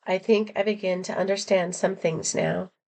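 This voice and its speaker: A man's voice: high voice, steady tone, moderate pace, vocal fry, a little mellow. A woman reading aloud the part of a wary, defiant young male prisoner in a storybook, in a plain voice close to her own.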